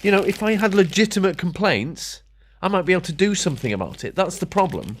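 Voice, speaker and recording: A man's voice: high-pitched, animated, fast talker, slight background noise. A middle-aged man ranting casually to camera, grumbling and sarcastic, muttering to himself as he works. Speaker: vlogger.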